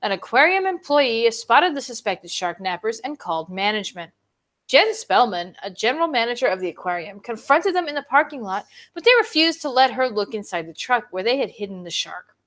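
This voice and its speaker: A woman with a fairly high voice reads a news item aloud on a casual streamed show. Her pitch leaps and dips through the sentences, and she keeps the read animated rather than flat. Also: a little fast. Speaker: co-host. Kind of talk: reading a news story aloud.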